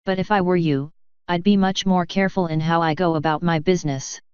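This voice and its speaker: A cool, contemptuous male courtier who speaks calmly and cuttingly, voiced by a woman reader. The voice is low and very clear, with a dry, slightly muffled sound. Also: brisk, no echo, lightly acted. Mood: cold. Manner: calm, cutting, patronizing.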